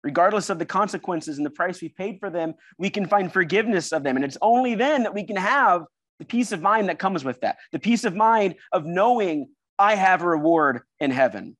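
A man's voice: high-pitched, lively intonation, fairly quick, a bit bright, no room sound. A man preaching a sermon in a church service, earnest and emphatic, building his points through repeated phrases.

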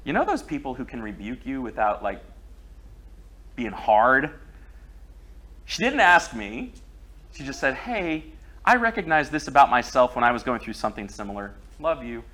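A man's voice: mid-range voice, very animated, moderate pace, long pauses, a bit bright, a little hiss or hum. A middle-aged man preaching a sermon, telling a personal story in a conversational way.

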